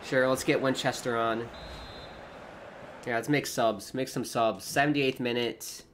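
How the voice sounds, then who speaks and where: A man giving casual play-by-play commentary while playing a football video game, excitable and prone to shouting when chances come. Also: mid-range voice, a little slow, a little hiss or hum. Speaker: gaming YouTuber.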